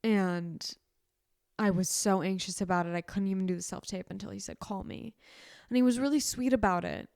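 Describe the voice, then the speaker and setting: Young woman, podcast co-host, smooth voice, close dry mic, rambling heartfelt chat. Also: medium pitch, brisk, darkish tone, no room sound. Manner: rambling, self-correcting, emotional storytelling. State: sick. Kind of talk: casual chat.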